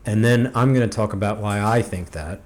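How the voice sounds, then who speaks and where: A man hosting a casual podcast chat, animated and opinionated, swearing freely. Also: lowish voice, a little fast. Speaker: podcast host.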